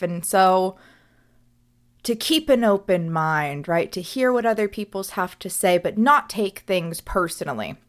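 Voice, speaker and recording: A young woman hosting a reflective solo podcast as a coach, speaking earnestly and often checking in with "right?". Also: mid-range voice.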